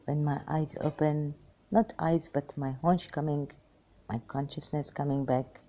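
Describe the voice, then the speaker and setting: Weary, halting low-voiced woman. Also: fairly even intonation, mellow. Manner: halting, fragmented speech with many pauses. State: very tired and weak. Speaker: vlogger. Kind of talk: rambling personal monologue.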